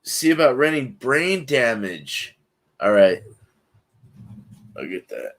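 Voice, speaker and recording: A man in the middle of his pitch range chats easily with his viewers. He talks in a loose, slangy, laid-back way and breaks into laughs often. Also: very animated, slow pace, fairly bright tone. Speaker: livestream host. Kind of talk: casual chat with live chat.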